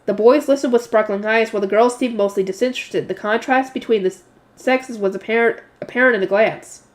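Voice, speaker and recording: A woman's voice: on the high side, fairly quick. A woman reading a light novel aloud as narrator, in a casual manner, correcting her own slips and adding her own comments. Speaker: narrator and channel host.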